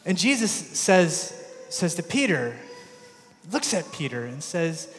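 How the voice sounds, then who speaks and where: A man's voice: a little high, sing-song, slow, pauses often, a little hiss or hum. A male pastor preaching a sermon in a conversational, storytelling way, often restarting his words. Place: church. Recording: echoey church sanctuary.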